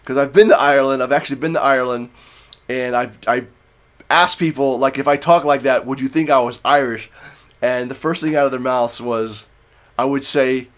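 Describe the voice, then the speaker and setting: A man's voice: mid-range voice, fairly even intonation, normal speed, fairly bright tone. A man hosting a casual, unscripted livestream beer review, rambling and correcting himself as he tells stories. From United States. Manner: rambling, self-correcting, digressive storytelling.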